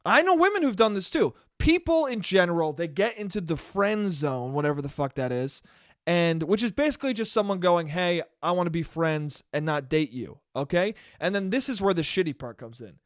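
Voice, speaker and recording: High-voiced man ranting on a podcast. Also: big pitch swings, fairly quick, no echo, studio quality. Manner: heated, profane, emphatic. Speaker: podcast host. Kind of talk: solo podcast rant.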